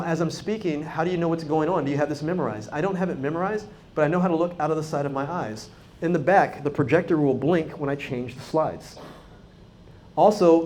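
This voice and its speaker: A man giving a live, energetic talk to a conference audience, acting out quoted dialogue and speaking straight to the crowd. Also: fairly high pitch, a little hiss or hum. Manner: energetic, animated, acts out quoted dialogue, talks directly to the crowd. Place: conference hall.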